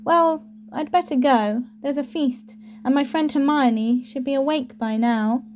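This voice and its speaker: A woman's voice: high-pitched, measured pace, a little mellow, a little hiss or hum. A woman voicing a friendly twelve-year-old boy wizard in a light, easygoing manner.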